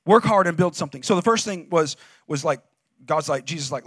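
A man preaching a sermon as a pastor, in a conversational, emphatic way with lots of "like", rising at times to shouts. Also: fairly high pitch, expressive, fast talker, no room sound, clean studio sound. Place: church.

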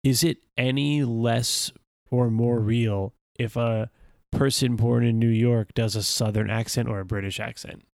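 A man adds careful, detailed observations to a casual podcast chat. His mid-pitched voice has a gravelly grain. The sound is close and dry. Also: steady tone, unhurried, a little mellow, no echo. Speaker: podcast co-host.

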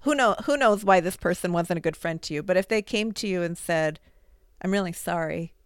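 A woman hosting an interview, talking in a calm, reflective way with hesitant fillers. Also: lowish voice, a little fast, clear, resonant tone, dry recording, clean studio sound. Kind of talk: interview conversation.

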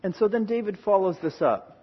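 A man's voice: animated, a little fast, breathy edge, lo-fi sound. A man preaching a sermon, giving earnest expository Bible teaching and voicing God's words with strong emphasis. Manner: earnest, emphatic, paraphrasing God in a booming voice.

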